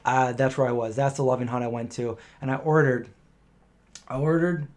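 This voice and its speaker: A middle-aged man chats through a live viewer Q&A. His voice sits at an ordinary, mid-range pitch, and he wanders from story to story, slipping into the voices of the people he describes. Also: fairly even intonation, normal speed, a little mellow. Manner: rambling anecdotal storytelling, acting out quoted voices. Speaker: live stream host answering viewer questions. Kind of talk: casual live Q&A chat.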